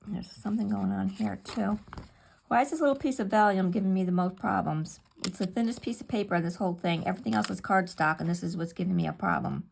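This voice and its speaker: A woman's voice: mid-range voice, fast talker, gravelly, slight background noise. A middle-aged woman chatting casually and muttering to herself as she works on a paper craft at home. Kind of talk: casual talk while crafting.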